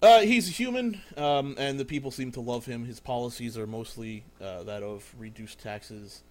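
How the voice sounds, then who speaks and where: A young man running a tabletop game as game master, stopping often with ums and uhs. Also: mid-range voice. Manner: halting, many ums and uhs.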